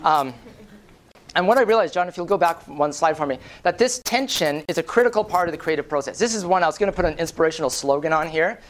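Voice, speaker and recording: A man giving a lively storytelling presentation at a conference, animated and profane, often tagging lines with "right?". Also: on the high side, fast. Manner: acts out quoted voices. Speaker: conference speaker.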